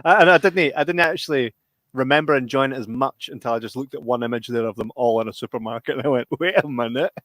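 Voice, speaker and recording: A man's voice: medium pitch, fast talker, fairly bright tone, dry recording. A Scottish man hosting a podcast, telling stories animatedly and swearing freely. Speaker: podcast host. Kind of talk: casual chat.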